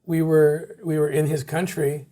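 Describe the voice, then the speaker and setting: Man, fairly high voice, animated storyteller, frequent restarts, interview guest. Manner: animated, quick restarts and repeated words. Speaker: anti-trafficking organization leader.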